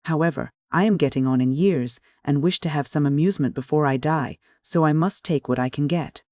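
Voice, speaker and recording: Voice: mid-range voice, a little mellow, no echo, studio quality, lightly acted. A reader voicing a shrewd elderly widow. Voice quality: gushing endearments, brisk and matter-of-fact. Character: shrewd plump elderly widow, businesslike and gushing. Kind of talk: audiobook dialogue reading.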